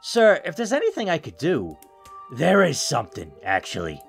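A man voicing a gruff, bitter old hermit who grumbles sarcastically and swears while reading game dialogue. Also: on the high side, wildly swooping pitch, moderate pace, soft background music, pitched above the performer's own voice, exaggerated voice. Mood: menacing.

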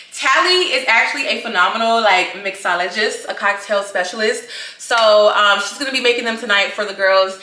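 A young woman vlogger talks to her viewers in a chatty, animated way. Her voice is bright and fairly high. The room sounds echoey. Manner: chatty and animated, addresses viewers as girl and y'all. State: out of breath. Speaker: lifestyle vlogger. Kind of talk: casual vlog chat to camera.

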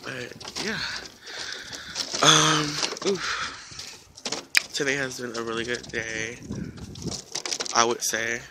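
A man's voice: mid-range voice, slow, pauses often. A young man vlogging outdoors at a country cemetery on a handheld phone, rambling casually with lots of ums and unfinished sentences. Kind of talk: casual vlog talk. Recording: noisy outdoor recording with birds.

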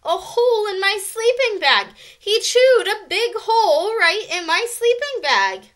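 A young girl at summer camp squeals in a high, shrill, excitable voice, as a woman reads her part aloud. She sounds bright and piercing, with a storybook feel. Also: measured pace, heavily acted. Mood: indignant.

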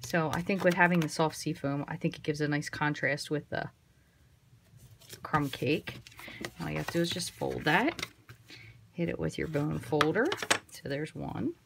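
A woman's voice: low-pitched, moderate pace, gravelly, pauses often, noisy background. A woman giving a casual, chatty card-making tutorial, thinking aloud as she works. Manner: chatty, relaxed, thinks aloud while working.

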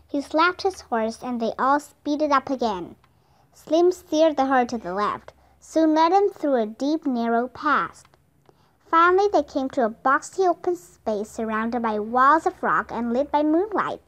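Slow, expressive woman storybook narrator. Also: high-pitched. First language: Vietnamese. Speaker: storybook reader. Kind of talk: children's audiobook narration.

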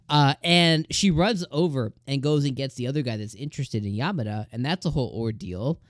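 A man hosts a laid-back anime review, gushing and rambling through the episode with lots of filler words. His voice sits in an ordinary middle pitch. The sound is dry and close, with no room around it. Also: a little fast, hardly any pauses, no echo.

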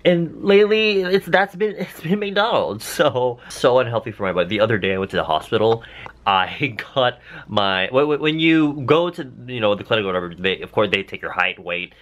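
Lively, expressive young man vlogging. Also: moderate pace. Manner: animated, swearing, big jumps in pitch. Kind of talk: casual vlog chat. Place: out and about, streets and cafés.

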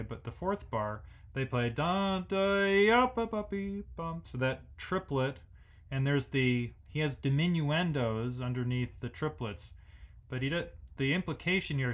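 A man hosting a music lesson, thinking aloud as he analyzes a symphony and sings the rhythms on nonsense syllables. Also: medium pitch. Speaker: music educator host.

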